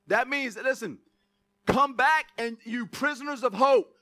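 A man's voice: very high-pitched, measured pace, pushed and bright. A man preaching a sermon, calling on the congregation to repeat words and punching key words for emphasis. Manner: call-and-response preaching with asides and jokes. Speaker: pastor.

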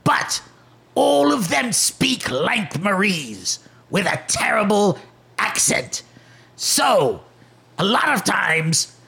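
A sneering orc with a gravelly, crackling growl, as a man puts him on, drawling slowly with a sharp, bright edge. His voice sits high and swings widely as he spits out insults at the players. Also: full character voice. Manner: slow, scornful, barking insults. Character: menacing gravelly orc, contemptuous. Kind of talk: tabletop game voice acting.

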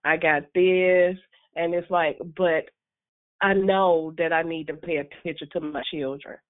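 A woman's voice: on the low side, steady tone, measured pace. Woman on a tinny phone-like line. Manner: earnest, preacherly, quotes scripture. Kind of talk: casual faith discussion.

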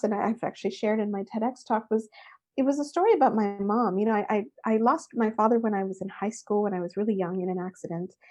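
Middle-aged woman, high bright voice, expressive storyteller, interview guest. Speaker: interview guest, workshop speaker.

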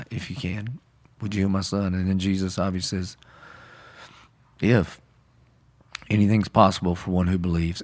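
Brief pastor man, lowish voice, earnest conversational preaching, dramatizes quotes. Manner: earnest, conversational, acts out quotes with rising intensity. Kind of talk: sermon-style podcast discussion.

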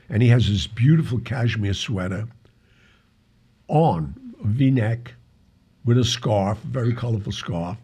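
An older man with a gravelly, husky voice recounts a personal story as a podcast guest. He acts out each exchange of dialogue and keeps chuckling through the tale. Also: medium pitch. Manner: lively storyteller who acts out the quoted dialogue and chuckles often. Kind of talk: anecdotal storytelling.

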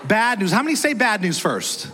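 A man in his thirties preaching a sermon as a pastor, chatty and energetic, often asking the congregation questions. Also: high voice, moderate pace. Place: church auditorium. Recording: long church hall reverb.

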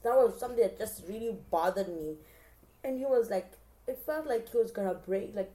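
A woman talking casually as a podcast host, chatty and expressive, often addressing her listeners directly. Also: mid-range voice. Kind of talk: casual show recap chat.

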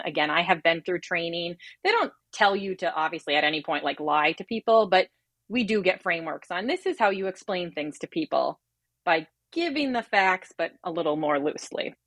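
A woman in her thirties, a pharmacist and podcast guest, telling her personal birth story in an earnest, animated way. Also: lowish voice, dry recording.

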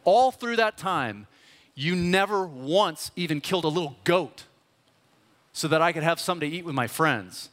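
A man's voice: on the high side, expressive, moderate pace, a bit bright, voice pushed up. A man voicing a resentful older brother who complains to his father in an indignant, aggrieved way. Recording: long hall reverb.

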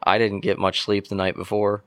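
Young male guest, gravelly low voice, dry close sound, animated storyteller from Pennsylvania. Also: normal speed, dry recording. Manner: animated storyteller, acts out quotes. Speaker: podcast guest. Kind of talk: casual storytelling.

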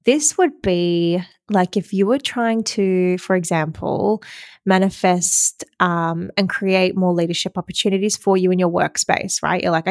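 A woman's voice: fairly low pitch, fairly even intonation, measured pace, no room sound. A woman hosting a podcast in a casual, upbeat way. She chats freely, swears now and then, and acts out the inner voices of her listeners. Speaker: podcast host. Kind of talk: casual motivational chat.

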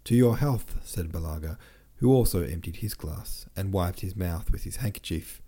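A man hosting an audiobook podcast, reading a classic novel in a steady, measured way. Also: deep voice, slightly rough. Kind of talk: scripted narration of a classic novel.

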